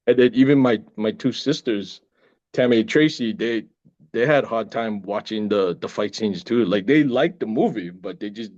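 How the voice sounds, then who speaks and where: A man's voice: lowish voice, normal speed, dull audio. A middle-aged man, an actor chatting casually as a guest and telling stories with lots of laughter. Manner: laughing, animated storyteller. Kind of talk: casual chat.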